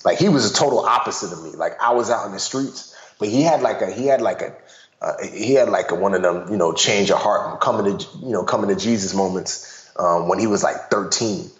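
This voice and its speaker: A man, a guest and author, telling personal stories in an animated casual way, full of "you know" fillers. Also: lowish voice, normal speed. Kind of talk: casual storytelling conversation. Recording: dull roomy sound.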